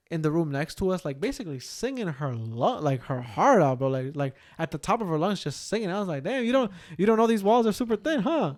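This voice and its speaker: A young man co-hosting a podcast, telling a story in casual chat, swearing a lot and filling his talk with "like" and "bro.". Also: fairly high pitch. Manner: animated, swearing, heavy use of "like" and "bro". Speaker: podcast co-host.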